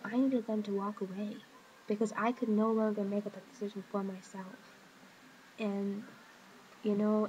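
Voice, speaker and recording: A woman talks into her webcam at home in a confessional vlog, her voice flat and even in pitch. She is hesitant and emotional, with many pauses and fillers, and there is faint noise under her. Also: highs cut off. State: emotional, hurting. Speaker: vlogger.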